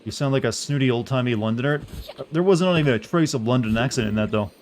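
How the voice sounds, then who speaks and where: A young man chats casually while streaming a game, joking and rambling to his viewers. His voice sits at an ordinary middle pitch with easy, conversational delivery. Faint background ambience is heard under him. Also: fast talker, a little mellow, slight background noise.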